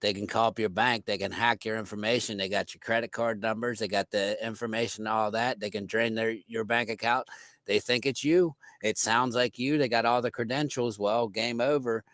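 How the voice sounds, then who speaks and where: A man's voice: fairly low pitch, steady tone, moderate pace, fairly bright tone, no echo. A man co-hosting a casual podcast, talking loosely and informally with lots of fillers. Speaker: podcast co-host.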